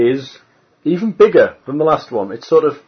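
A man narrating a tabletop game as its game master, calm and descriptive. He sets each scene plainly with a touch of amusement. The recording sounds dull and lo-fi. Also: a little high, moderate pace, breathy edge.

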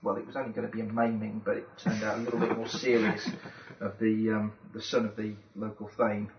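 Player, distant, in an echoey room. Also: male voice, on the low side, completely flat delivery, brisk, highs cut off. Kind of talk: casual tabletop game chat. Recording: echoey room, far from mic, hissy.

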